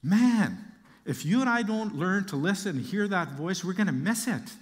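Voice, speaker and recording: A man's voice: high voice, expressive, moderate pace, in a large hall. A man preaching a sermon, reading Bible verses aloud and explaining them with casual asides and light humor.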